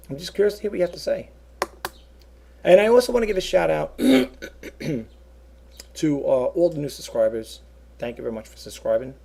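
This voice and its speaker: A man's voice: on the high side, gravelly, warm tone, husky. A man talking to his viewers over a webcam in a casual, rambling monologue, earnestly repeating himself. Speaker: eBay seller vlogger.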